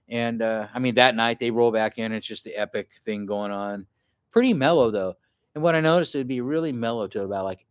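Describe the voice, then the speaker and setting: A man's voice: medium pitch, smooth, no room sound, clean studio sound. Rambling, profane man telling a story. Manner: rambling and profane, acts out what others shouted. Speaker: outdoor adventure vlogger. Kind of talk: casual storytelling to camera.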